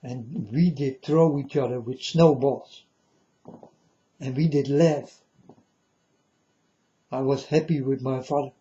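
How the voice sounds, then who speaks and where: A man's voice: mid-range voice, fairly even intonation, slow pace, long pauses, mellow, dull audio. A man speaking as a self-styled prophet in a rambling monologue to his viewers. He is solemn and repetitive and keeps addressing them as folks.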